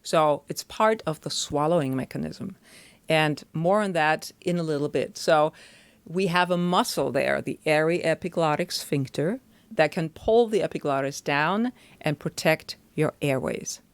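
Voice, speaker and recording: Woman voice teacher, smooth lower voice. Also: unhurried, no echo. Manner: chatty, explains step by step, checks in with "right?". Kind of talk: explanatory singing lesson.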